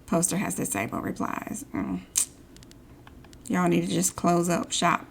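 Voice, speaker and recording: A woman's voice: on the low side, sing-song, a little slow, vocal fry, slight background noise. A woman streaming a story game, reading in-game social posts aloud and adding sarcastic asides. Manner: sarcastic asides between read-outs. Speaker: gameplay streamer.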